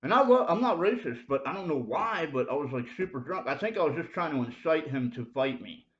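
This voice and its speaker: A self-made video preacher rambles through a confessional monologue to camera, heavy on fillers like "dude" and "bro" and urgent appeals to the listener. His voice is on the high side, animated, brisk and a bit bright. The audio is roomy and dull, with a lo-fi quality.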